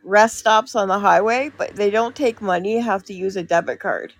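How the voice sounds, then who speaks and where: A woman's voice: mid-range voice, moderate pace, vocal fry, dry recording. A woman chatting casually on a call-in show in an easygoing, chatty way. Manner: easygoing, chatty, laughs often. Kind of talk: casual chat.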